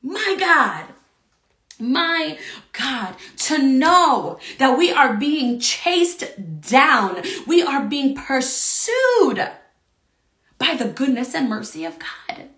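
Woman Bible study teacher, fervent preacherly delivery with lots of "right?", high pitch, roomy echo. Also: sing-song, extremely slow, a bit bright.

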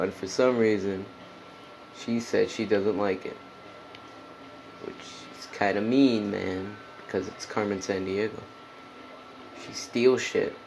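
A man rambles through a casual solo podcast, swearing freely and filling every gap with "like" and "dude". His voice sits fairly low with a gravelly fry. There is a faint hiss of noise behind him. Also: rough recording. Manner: rambling, profane, heavy on "like" and "dude". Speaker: podcast host.

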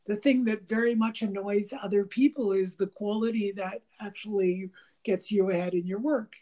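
A woman's voice: medium pitch, moderate pace. A woman talking casually about relationships, rambling with many fillers and restarts, laughing and acting out bits of dialogue. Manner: animated, laughing, mimics dialogue.

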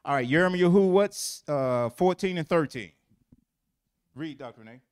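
A man's voice: fairly high pitch, lively intonation, normal speed, clear, resonant tone. A man teaching a Bible lesson, quizzing listeners with fill-in questions and repeating phrases for emphasis.

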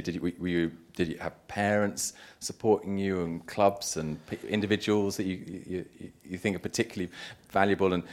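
A man interviewing a guest at a live event, asking long, wandering questions with many restarts. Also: deep voice.

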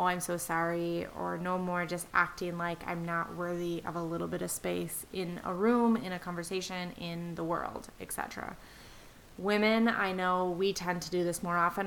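A woman's voice: on the low side, vocal fry, a bit bright, low-quality recording. A middle-aged woman hosting a reflective solo podcast, talking earnestly and encouragingly to her listeners as friends. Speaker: podcast host. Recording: faint hiss.

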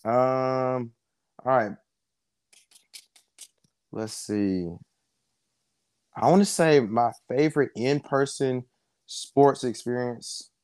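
A young man from South Georgia, a wrestling coach telling stories in a relaxed way, full of ums. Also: medium pitch, very slow, pauses often, clear, resonant tone, no room sound, clean studio sound. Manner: relaxed storyteller, many fillers. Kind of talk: casual interview chat.

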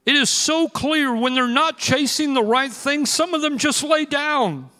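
A man's voice: very high-pitched, a little slow. Preaching man in an echoing church. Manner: energetic, storytelling preacher with rising emphatic bursts. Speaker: pastor. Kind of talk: sermon. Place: church sanctuary. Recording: long hall reverb with faint music.

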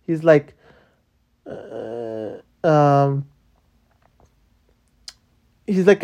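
An exasperated podcaster vents in a loose, rambling monologue, peppered with curses and restarts, at a mid-range pitch that sits neither high nor low. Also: lively intonation, slow, long pauses, dark tone. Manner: profane and rambling, many restarts and fillers; exasperated complaining. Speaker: podcast host. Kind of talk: casual venting monologue.

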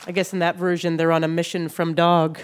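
A woman's voice: fairly low pitch, little pitch movement, fairly quick, crowd noise, background noise. A woman hosting a quiz show, reading clues aloud in a playful way. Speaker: game show host. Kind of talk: quiz show hosting before a live audience.

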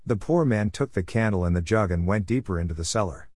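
A man narrating a folk tale in a steady, plain way. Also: fairly low pitch, quick pace, husky. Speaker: storyteller.

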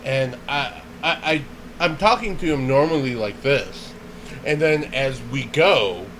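A man's voice: medium pitch, measured pace, a little hiss or hum, poor audio. A man telling a funny story in casual chat, laughing often and acting out what people said. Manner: animated, laughs often, acts out quoted voices.

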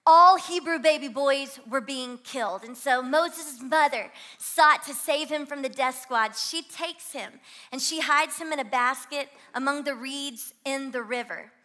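A young woman from Louisiana with a Southern twang, preaching an energetic sermon as guest pastor and urging the congregation to join in. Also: high-pitched, measured pace. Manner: energetic, exhorts the crowd to shout along. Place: church auditorium.

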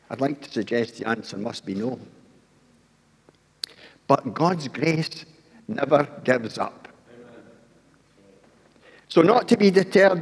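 A man's voice: mid-range voice, vocal fry, darkish tone, husky, in a large hall. An older man preaching a sermon, telling the story with acted-out voices and asking the congregation questions.

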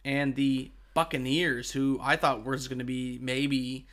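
A man's voice: medium pitch, little pitch movement, unhurried, a bit bright. A man co-hosting a podcast, casually explaining football news to his co-host with enthusiasm and plenty of fillers. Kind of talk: casual chat.

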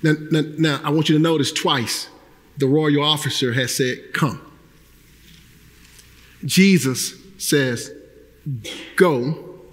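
A male pastor preaching a sermon, breaking into shouted emphasis and acting out the people he quotes. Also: fairly high pitch, measured pace, long reverb tail.

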